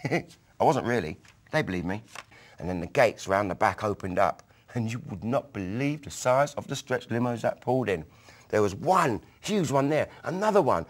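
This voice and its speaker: A man with a London accent recounts his younger years for a documentary, and his pitch rises and falls freely. He is animated, and his voice climbs higher and louder whenever he plays out a memory. His voice sits in a middle register for a man. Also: a little fast. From North London, England. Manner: animated storyteller who bursts higher and louder when acting out quotes. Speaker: photographer recalling his youth. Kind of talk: documentary storytelling.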